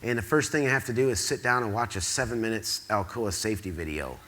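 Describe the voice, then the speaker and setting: Quick-paced and on the low side, this man from the Quad Cities, US Midwest, is a speaker at an awards event telling a story to a live audience from a theatre stage. It rambles excitably, and he acts out quoted dialogue along the way.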